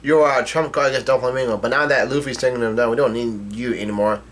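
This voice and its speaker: A man's voice: mid-range voice, steady tone, fast talker, lightly acted. A man reading the lines of a hot-tempered young male cook in a curt, dismissive way.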